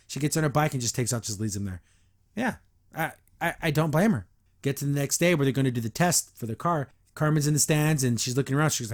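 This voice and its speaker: With a fairly high pitch and a fast delivery, this man hosts a podcast where he recaps a cartoon episode in a meandering, excitable way, doing the characters' voices along the way.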